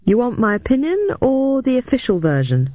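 A man's voice: extremely high pitch, big pitch swings, a little mellow, dry recording, highs cut off, pitched above the performer's own voice. A male narrator voicing a frank, wry young woman detective with a raised voice. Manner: questioning, frank, quick.

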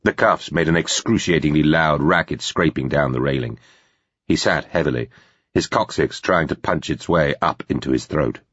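A man narrating a thriller audiobook in a measured, grave way. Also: extremely low pitch, fairly bright tone, slightly rough, no echo. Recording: dull, slightly lo-fi recording.

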